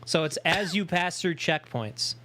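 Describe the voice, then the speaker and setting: A man's voice: a little high, measured pace. A young man co-hosting a podcast in casual chat, rambling and swearing often. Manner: swears a lot, rambling, animated put-on voices. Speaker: podcast co-host. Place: home studio.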